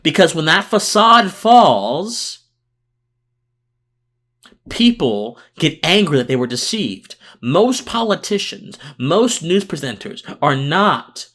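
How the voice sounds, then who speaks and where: A man's voice: fairly high pitch, very animated, slow pace, a bit bright. Tired, earnest male podcast host. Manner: earnest and impassioned, unscripted with restarts. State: mentally tired, talking slower than usual. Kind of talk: political commentary monologue.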